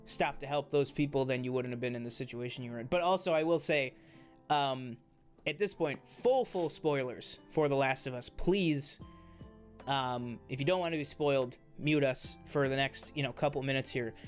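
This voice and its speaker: A man's voice: medium pitch, moderate pace, faint music behind. A man co-hosting a casual TV review chat, enthusiastic and rambling, with many fillers and restarts. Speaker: co-host of a TV review show.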